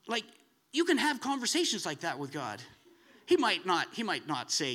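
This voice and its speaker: Bright, lively male preacher. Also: high voice, a little fast. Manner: animated, rising to excited emphasis. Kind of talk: sermon.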